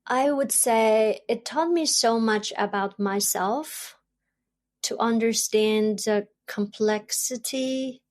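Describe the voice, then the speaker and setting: A woman from China, speaking English, answers interview questions in a reflective way. She stutters, repeats words and pauses often. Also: fairly high pitch. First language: Chinese. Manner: stutters, soft and thoughtful, with frequent pauses. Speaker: podcast guest, doctoral student.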